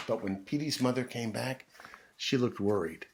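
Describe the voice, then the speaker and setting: A man reading a picture book aloud to children as a calm, friendly storyteller. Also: medium pitch, normal speed, gravelly, noisy background.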